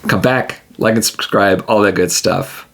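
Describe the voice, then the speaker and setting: Gravelly man narrating a solo game. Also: fairly low pitch, unhurried, fairly bright tone. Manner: rambling, laughing often.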